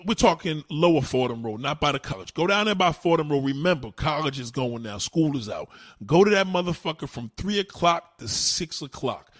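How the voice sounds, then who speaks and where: Brief: husky New man in his thirties, lively swooping delivery, crude livestream rant. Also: on the high side. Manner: animated, crude, emphatic. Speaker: livestream host. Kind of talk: profane casual rant.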